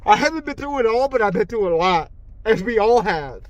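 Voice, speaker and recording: A middle-aged man talking to camera in a raw, rambling, heartfelt monologue, his voice sinking low and quiet as he grieves. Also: lively intonation, a little fast, dry recording. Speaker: vlogger.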